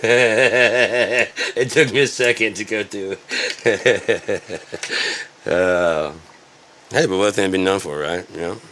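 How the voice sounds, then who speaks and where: A man's voice: lowish voice, takes it slowly, long pauses, sharp tone, a little hiss or hum. A man ranting in a sarcastic, rambling and profane way, as an online commentator.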